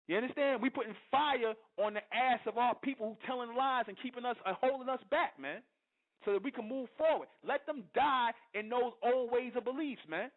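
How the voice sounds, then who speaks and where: A man hosting an internet radio show, delivering a fiery, confrontational monologue and constantly asking his listeners if they understand. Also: high voice. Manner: preachy and confrontational, keeps asking "you understand?". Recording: tinny phone-line audio.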